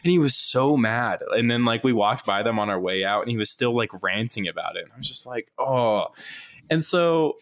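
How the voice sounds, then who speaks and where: Young man, casual storyteller, rambly filler-heavy delivery, laughs a lot, mid-pitched voice. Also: moderate pace. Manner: animated, mimics others in higher voice.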